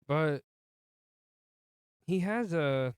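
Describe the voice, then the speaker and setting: Guy chatting thru a movie plot on a podcast, crisp voice, no room echo. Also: on the high side, expressive, very slow, clean studio sound. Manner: retells plot loosely, jokey asides. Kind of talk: casual film recap chat.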